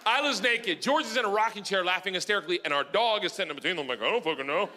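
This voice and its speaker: A man performing stand-up comedy on stage into a handheld mic, loud and animated, laughing through his lines. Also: high-pitched, rapid-fire. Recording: noisy live comedy club.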